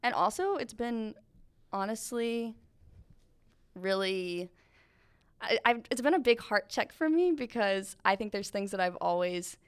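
A woman's voice: medium pitch, expressive, unhurried, long pauses, smooth, dry recording. A young woman answering interview questions as a church intern, earnest and hesitant, often trailing off.

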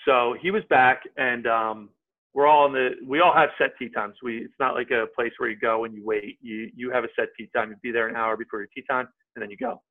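A man, a podcast guest, telling a story in a casual, animated way and acting out what people said. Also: mid-range voice, brisk. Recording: tinny phone-like line.

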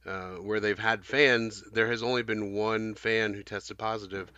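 Bright, smooth-voiced man on a podcast. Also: fairly low pitch, flat delivery, measured pace, no echo. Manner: thoughtful, hedging with frequent fillers. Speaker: podcast co-host. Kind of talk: casual podcast discussion. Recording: dull lo-fi dry podcast audio.

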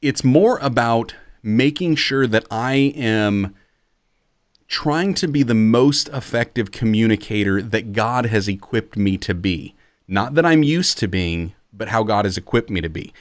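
A man's voice: lowish voice, lively intonation, unhurried, no room sound, clean studio sound. A man who is a pastor and podcast co-host, talking in an earnest, emphatic, sermon-like way. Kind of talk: podcast conversation.

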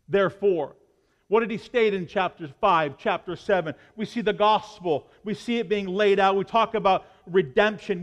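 A man preaching a passionate sermon as pastor, swinging between loud appeals and hushed asides. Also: a little high, long reverb tail.

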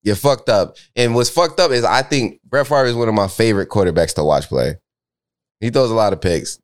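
A young man with a Mississippi accent, chatting casually as a podcast co-host, loud and animated with lots of slang. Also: lowish voice, a little fast. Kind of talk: casual chat.

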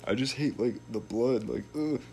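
A man's voice: mid-range voice, normal speed, vocal fry, a little mellow, slight background noise. A young man telling a long story in a casual, laid-back way, full of slang and swearing.

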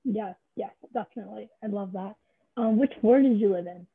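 A woman's voice: medium pitch, a little fast, husky, dry recording. A woman hosting a casual interview who praises her guest enthusiastically and gushes freely. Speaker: podcast host. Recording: tinny phone-like line, dry.

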